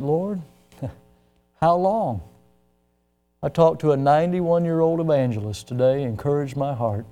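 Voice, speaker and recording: A man in his sixties from the United States, a pastor preaching an impassioned sermon, moving from hushed to loud. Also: a little high.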